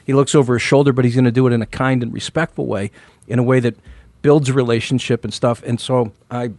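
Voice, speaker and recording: A man's voice: mid-range voice, steady tone, quick pace, darkish tone, no echo. A man hosting talk radio, speaking in an emphatic, encouraging way on a roundtable podcast. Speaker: radio talk show host.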